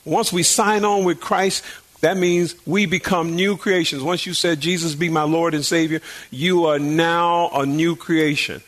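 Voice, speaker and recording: An older man preaches a sermon with a high, lifting voice. He talks to the congregation in a folksy, conversational way, repeating words as he builds up fervor. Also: steady tone, a little slow, a bit bright. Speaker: pastor.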